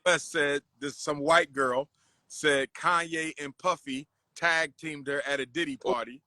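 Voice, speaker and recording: Casting: bright, slightly high-voiced man, animated street-corner host, dry close sound. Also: a little slow, dry recording. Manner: animated, preachy exhortation. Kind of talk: casual street conversation.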